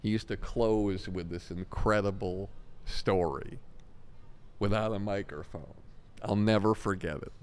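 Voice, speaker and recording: His voice is on the low side and clean, a little slow. A comedy talent manager being interviewed, he tells long, animated stories and acts out the things people told him.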